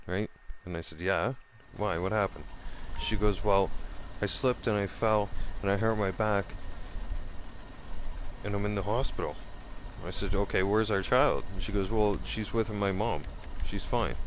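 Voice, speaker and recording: A man telling a personal story in a casual vlog, animated and profane, often repeating himself. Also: fairly low pitch, noisy background. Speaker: vlogger.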